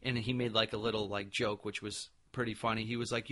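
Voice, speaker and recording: A man hosting a podcast, telling a convention story in an excited, animated way with many fillers. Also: lowish voice, fairly quick. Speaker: podcast host. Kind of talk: casual storytelling recap.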